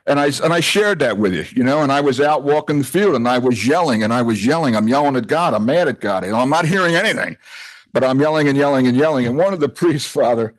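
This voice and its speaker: An older man giving a loose, chatty talk at a retreat, joking and often wandering off his point. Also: mid-range voice. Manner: chatty, rambling, self-interrupting, jokey. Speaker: retreat speaker. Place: retreat house hall.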